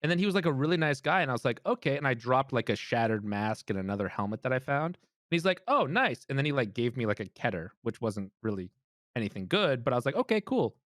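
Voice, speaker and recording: A man's voice: medium pitch, very animated, fast, fairly bright tone, no room sound, clean studio sound. A man on a gaming podcast, telling a story in an easygoing way. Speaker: podcast co-host. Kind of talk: casual gaming podcast chat.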